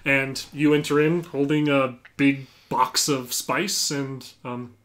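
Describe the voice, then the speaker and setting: A man's voice: mid-range voice, steady tone, takes it slowly, fairly bright tone. Man casually narrating as game master. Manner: casual, filler-heavy narration with many "like"s.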